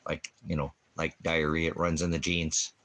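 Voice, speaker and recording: A man's voice: a bass voice, little pitch movement, normal speed, fairly bright tone, slight background noise. A man hosting a ministry livestream who answers the chat with insults and mockery, swinging from crude jokes to scripture. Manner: profane, insulting, mocking; jumps between jokes and scripture talk.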